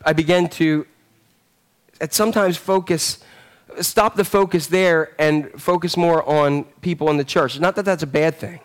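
High-voiced, chatty male preacher. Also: normal speed, smooth. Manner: conversational, rambling with fillers and restarts; animated storytelling. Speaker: pastor. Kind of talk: sermon.

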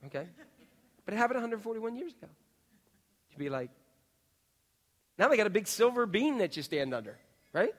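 High-voiced male preacher in a reverberant hall. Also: sing-song, a little fast, pauses often. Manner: peppers the audience with rhetorical questions; swings between quiet asides and loud outbursts. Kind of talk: sermon. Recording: long reverb of a large hall.

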